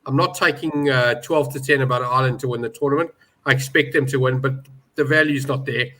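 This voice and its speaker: A man's voice: mid-range voice, fairly even intonation, fairly quick, pushed and bright, poor audio. A man giving opinionated betting views in a casual panel chat, stressing his points hard. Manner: opinionated, emphatic about prices. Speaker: betting pundit.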